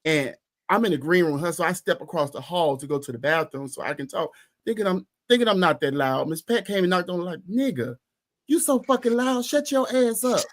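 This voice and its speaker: A podcast co-host with a fairly high, fairly bright voice talks fairly quickly in casual chat. He rants heatedly and profanely, hammering his points home with emphatic repetition.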